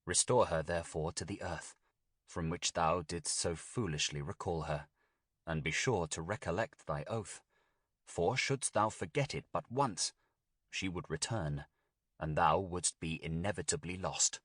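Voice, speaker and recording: A man's voice: sits low, a bit bright, no echo, clean studio sound. A man reading as a stern old sorcerer. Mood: grave, commanding. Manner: solemn, archaic, measured delivery. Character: stern old male sorcerer, grave and commanding.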